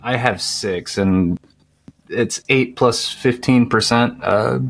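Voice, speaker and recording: A man's voice: medium pitch, slow pace, creaky, a bit bright. A man playing a character at a tabletop game, talking casually and thinking aloud. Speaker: player.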